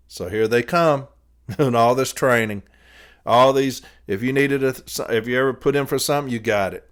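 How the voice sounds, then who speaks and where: A man hosting a podcast, telling a long rambling story in a casual way, laughing between phrases and swearing freely. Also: mid-range voice. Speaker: podcast host.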